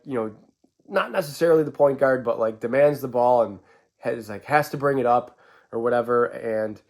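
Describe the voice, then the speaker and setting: A man talking through his team's loss in a casual sports vlog, rambling with stammered restarts and swinging inflections. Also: medium pitch. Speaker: sports fan vlogger.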